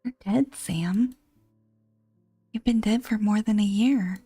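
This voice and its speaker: A woman's voice: mid-range voice, takes it slowly, warm tone, slightly rough, dry recording, soft background music. A woman whispering as a tearful begging wife. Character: grieving sobbing wife, begging. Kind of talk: whispered role-play.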